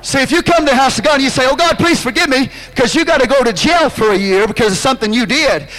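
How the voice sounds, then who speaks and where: A pastor preaching a sermon, impassioned, drawing out phrases and breaking into shouts. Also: male voice, extremely high pitch, lively intonation, very fast, low-quality recording.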